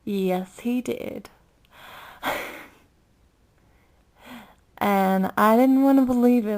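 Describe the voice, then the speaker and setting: Giggly woman vlogger with gravelly fry. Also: mid-range voice, slow pace, pauses often. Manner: excitable, rambling, giggly, with many fillers. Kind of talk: casual chatty vlog.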